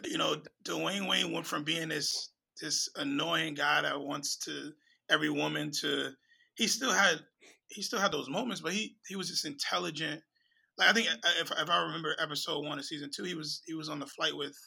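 A man's voice: a little high, fairly even intonation, normal speed, vocal fry, pushed and bright, husky, rough recording. A man in casual chat, enthusiastic and repeating words as he talks.

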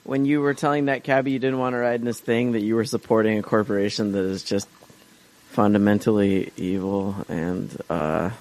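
A man's voice: fairly low pitch, steady tone, a little fast, a little mellow. A man co-hosting a comedy podcast who speaks earnestly, in a lecturing tone, over a remote line. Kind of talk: casual comedy podcast chat.

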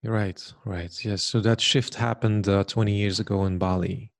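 A man's voice: on the low side, steady tone, moderate pace. A man interviewing a guest, prompting her with short questions and brief acknowledgments. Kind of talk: conversational interview.

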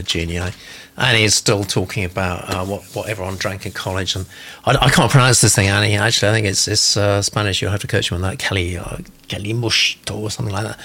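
A man's voice: fairly low pitch, a bit bright. A man hosting a casual live chat, reading out listener comments in a rambling, self-deprecating way with many fillers.

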